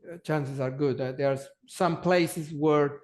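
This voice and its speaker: Being interviewed as a polar travel company guest, this man has a fairly high voice, a darkish and steady tone. His answers come slowly and haltingly, with words often repeated as he searches for what to say next.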